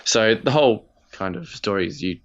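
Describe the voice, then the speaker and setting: A man's voice: on the low side, expressive, normal speed, dull audio. A man, co-hosting a podcast in loose, rambling casual chat, swearing freely. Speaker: podcast co-host.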